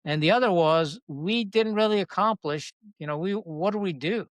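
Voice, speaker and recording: A man speaking as a podcast guest, telling his stories bluntly and with salty language. His voice sits fairly high. The room sound is dry, with almost no echo. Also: normal speed. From Pakistan. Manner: blunt, salty, animated storyteller. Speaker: podcast guest, retired Marine officer. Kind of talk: candid conversational storytelling.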